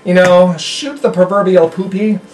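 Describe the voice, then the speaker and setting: A man's voice: high-pitched, fairly even intonation, moderate pace, a little mellow. A man hosting a late-night radio talk show in a studio, rambling and joking casually on a studio mic.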